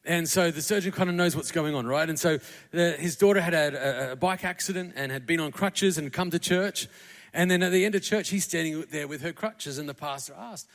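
Pastor preaching in a reverberant hall. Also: male voice, sits high, a little fast, vocal fry, fairly bright tone. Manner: conversational preaching, acts out quotes. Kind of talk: sermon. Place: church auditorium.

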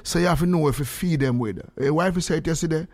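Lively older Jamaican radio man. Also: on the high side, fast. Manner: animated, laughing, patois-heavy storytelling. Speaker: radio host. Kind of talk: casual radio chat with callers.

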